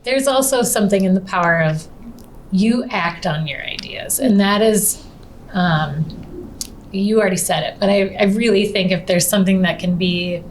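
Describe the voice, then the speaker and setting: A female co-host with a mid-range voice, chatting casually. She speaks gently and reflectively, pausing now and then to find her words. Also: mid-range voice, slight background noise. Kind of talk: casual chat.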